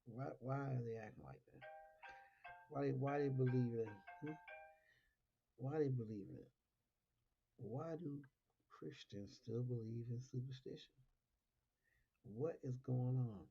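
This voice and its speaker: A man's voice: medium pitch, measured pace, pauses often, mellow, faint music behind. A man hosting a casual Christian talk monologue, asking repetitive rhetorical questions and laughing often. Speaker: Christian talk show host. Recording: lo-fi dull recording.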